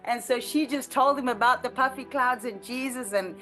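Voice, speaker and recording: A woman sharing a personal prayer testimony in an earnest, halting way, with frequent restarts and light laughter. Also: on the high side, a bit bright, soft background music. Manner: halting, with many restarts and fillers. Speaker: ministry trainee sharing a testimony. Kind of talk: conversational testimony.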